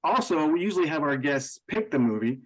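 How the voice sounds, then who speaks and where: Playful, somewhat high-voiced male podcast host. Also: sing-song, fairly quick, poor audio. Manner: playful, easygoing banter. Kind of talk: casual podcast chat.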